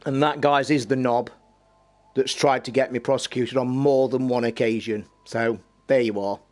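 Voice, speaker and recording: A middle-aged man with an East Midlands accent talks live to his viewers in a blunt, sweary way. His voice sits at an ordinary pitch for a man, and he flares up quickly when pushed. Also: steady tone, darkish tone. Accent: East Midlands English. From England. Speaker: live streamer. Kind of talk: casual live-stream chat.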